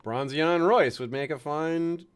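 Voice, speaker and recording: A man's voice: a little high, takes it slowly, clear, resonant tone. A man from the United States giving chatty, chuckling commentary on a strategy game, fond of puns. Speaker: game streamer.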